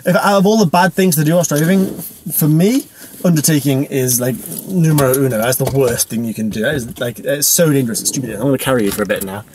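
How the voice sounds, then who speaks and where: A man's voice: mid-range voice, fast talker, darkish tone, poor audio. A young man vlogging from his car, rambling and self-deprecating, with casual swearing. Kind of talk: casual driving vlog monologue. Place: inside a car while driving. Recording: car interior with road noise.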